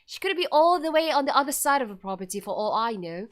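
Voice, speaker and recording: A woman streamer with a fairly high voice reads a spooky story aloud. She slips into playful asides, giggles, and half-serious tries at a British accent. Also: sing-song, fast talker. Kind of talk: reading a horror visual novel aloud with commentary.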